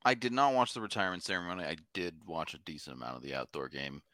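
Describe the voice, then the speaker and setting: Lively upbeat man hosting a sports podcast. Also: sits low, fast talker, dry recording. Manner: upbeat, reads sponsor lines and laughs often. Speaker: podcast co-host. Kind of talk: casual sports podcast chat.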